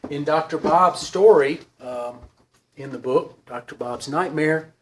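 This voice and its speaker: A man speaking to a recovery group in a halting, earnest way, often pausing to search for words. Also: on the high side, a little hiss or hum. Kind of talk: personal recovery talk to a group.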